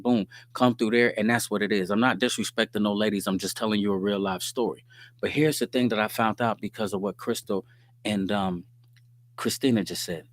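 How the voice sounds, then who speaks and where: A man's voice: fairly low pitch, fairly quick, a bit bright, no room sound. A middle-aged man talking. He hosts a casual stream, reads viewers' comments and spins stories in loose slang. The sound is close and dry, with no room around it. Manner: streetwise slang, storytelling, frequent "you dig what I'm saying". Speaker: host.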